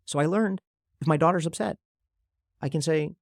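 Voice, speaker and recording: A man being interviewed on a podcast, telling stories quickly and acting out what people say. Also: fairly high pitch, vocal fry, dry recording, studio quality. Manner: fast, animated storyteller who acts out quotes. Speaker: guest, venture investor.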